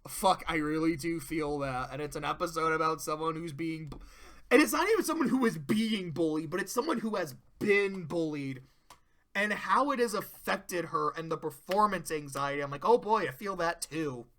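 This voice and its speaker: Bright, high-voiced guy recapping a cartoon. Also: normal speed. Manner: animated storyteller who swears and acts out quotes. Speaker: video reviewer. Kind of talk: casual episode recap and commentary.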